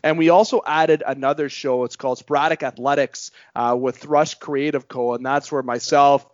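A man's voice: fairly even intonation, moderate pace, no room sound, lo-fi sound. Guy hosting a sports podcast, pumped up and salesy, dry close sound. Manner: hyped, promotional delivery with big pitch jumps. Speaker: podcast host. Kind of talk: sports talk show hosting.

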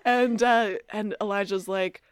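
A woman co-hosting a podcast, recapping scenes in a chatty way, laughing often and quoting characters in a lower voice. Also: fairly even intonation, measured pace, clean tone, dry recording. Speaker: podcast co-host. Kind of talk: casual recap chat.

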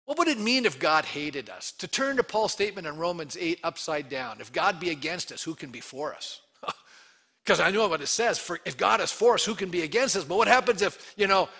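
Bright-voiced preaching man. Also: high voice, expressive, brisk. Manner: earnest, emphatic preaching with rhetorical questions. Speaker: pastor. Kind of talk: sermon.

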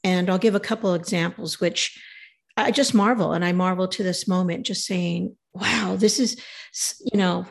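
A woman telling a travel story in a casual, animated way, acting out the voices of the people in it. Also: fairly low pitch, moderate pace, creaky.

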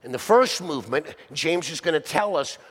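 A man's voice: fairly high pitch, animated, moderate pace, fairly bright tone, husky, big-room sound. A male pastor preaching a sermon conversationally, often asking the listeners rhetorical questions.

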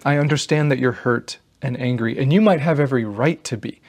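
Male host, relationship advice monologue, earnest and emphatic, mid pitch. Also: brisk. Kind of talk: direct-to-camera advice talk.

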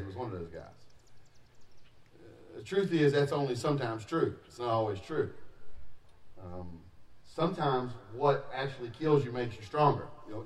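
Casual, joking preacher man in an echoey hall. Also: medium pitch. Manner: conversational and joking, with loud emphatic bursts. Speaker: pastor. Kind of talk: sermon. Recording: roomy echo, distant from the mic, faint ambience.

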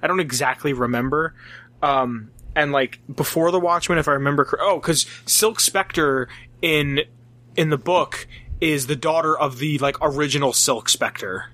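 A man's voice: a little high, normal speed, pushed and bright. A young man in casual chat, rambling with lots of fillers and swearing. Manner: rambling, filler-heavy, profane.

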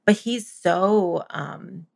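Gravelly-voiced woman telling stories. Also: lowish voice, very slow. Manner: animated storyteller, laughs often. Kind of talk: casual chat.

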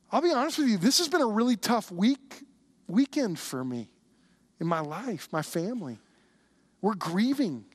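A man with a high voice preaches a sermon from the church platform. He speaks earnestly and tells stories, often stumbling and restarting his sentences as he builds his point. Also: lively intonation, moderate pace. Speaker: pastor.

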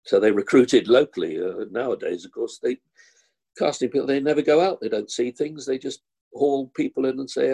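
A man's voice: medium pitch, lively intonation, fairly quick, gravelly, mellow, slightly rough. An older man, chatting as an actor guest and telling rambling anecdotes. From London. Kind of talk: casual interview chat.

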